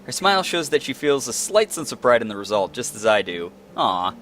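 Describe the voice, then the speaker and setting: A man's voice: mid-range voice, big pitch swings, a little fast, fairly bright tone, a little hiss or hum. A young man reading a visual novel aloud and adding playful, joking commentary, over faint guitar music. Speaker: let's play host.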